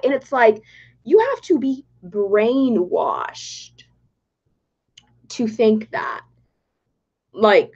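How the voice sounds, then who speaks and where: A young woman hosting a casual livestream from home, reading chat comments aloud in a bubbly, giggly way. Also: on the high side. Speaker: livestream host. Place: home in Texas. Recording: slightly dull livestream audio.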